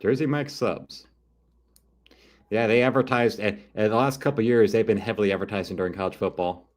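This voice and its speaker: A man talks over a football broadcast on his live stream in a loose, rambling way. His voice sits on the low side, and he drifts between play calls and crude wisecracks. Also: steady tone, fast talker. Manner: rambling, joking, crude asides. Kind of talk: casual live-stream commentary.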